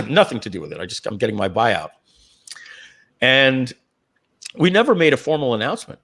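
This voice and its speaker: A middle-aged man, a company founder, telling a long personal story in a live Q&A, rambling with many restarts and frequent throat-clearing. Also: mid-range voice, expressive, moderate pace, fairly bright tone.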